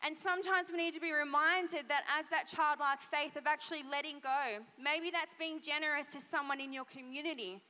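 A woman pastor giving an animated children's sermon, asking the kids questions. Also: high-pitched, a little fast, few pauses. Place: church hall. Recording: long church hall reverb.

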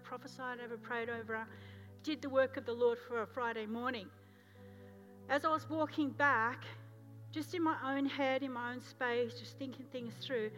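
An Australian woman pastor giving a sermon, telling a story and moving from loud urgency to hushed, intense moments. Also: a little high.

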